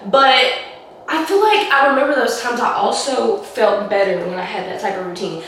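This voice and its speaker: A young woman, hoarse from a cold, chatting casually to camera in a rambling way that is full of "like". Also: a little high, normal speed, fairly bright tone, slight background noise. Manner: chatty, rambling, heavy use of "like". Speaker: vlogger. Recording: echoey room, mic at a distance.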